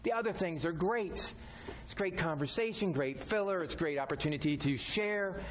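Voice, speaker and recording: A man's voice: sits high, moderate pace, slight background noise. A man preaching a sermon as a pastor, talking directly and conversationally, repeating his key phrases.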